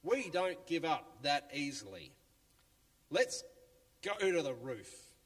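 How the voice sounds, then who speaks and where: A man voicing a band of excited male friends who whoop and cheer in a very high, loud voice. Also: slow pace, exaggerated voice. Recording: long church reverb, faint music.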